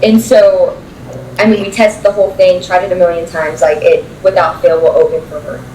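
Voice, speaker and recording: A woman's voice: fairly low pitch, flat delivery, fairly quick, dark tone, slight background noise. A young woman, a podcast guest, telling a story in blunt, profane casual chat with frequent laughs. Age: young adult. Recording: roomy sound from a distant mic.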